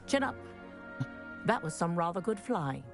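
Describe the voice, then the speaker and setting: Stern flying professor, video game dialogue, brisk, scolding, music behind. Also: female voice, on the low side, very animated, gravelly, heavily acted. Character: stern but fair woman flying teacher.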